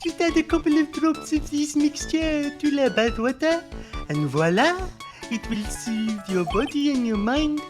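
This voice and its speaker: A man's voice: very high-pitched, lively intonation, a little slow, music in the background. A man voicing a flamboyant, fussy male restaurant owner with a put-on French accent, dropping French words as he fusses over people. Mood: fawning. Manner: theatrical, sprinkles French words.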